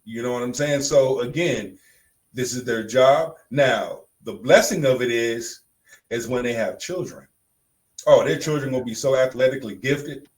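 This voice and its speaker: A man's voice: mid-range voice, normal speed, poor audio. A man co-hosting a podcast in casual chat, blunt and emphatic, repeating phrases for punch. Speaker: podcast co-host.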